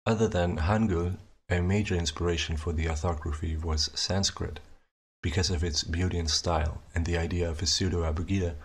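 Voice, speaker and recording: A young man narrating a scripted explanation of his invented writing system, measured and methodical, slowing down to sound out each example. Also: deep voice, breathy edge. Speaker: conlang creator presenting his language.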